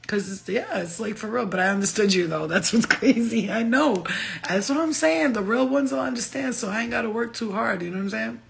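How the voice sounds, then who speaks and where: A woman's voice: a little high, a little fast, vocal fry. A middle-aged woman rambling casually and laughing often, full of slang, in a vlog monologue. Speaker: vlogger.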